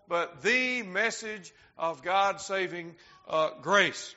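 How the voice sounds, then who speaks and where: High, bright-voiced man preaching a sermon. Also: animated. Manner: slows down to stress key words; talks directly to the congregation. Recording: dull lo-fi sound.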